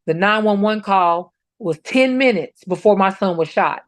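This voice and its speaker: A woman's voice: medium pitch, animated, moderate pace, hardly any pauses, no room sound. Emphatic middle-aged woman, dry. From North Carolina. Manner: emphatic, retells confrontations, quotes herself. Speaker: guest, bereaved mother. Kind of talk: personal account in a podcast interview.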